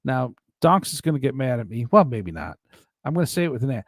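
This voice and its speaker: A man's voice: mid-range voice, sing-song, quick pace, no echo, clean studio sound. A man hosting a casual livestream, rambling and joking as he reads viewer comments. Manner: rambling, joking, laughs often. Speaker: livestream host reading chat. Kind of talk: casual chat.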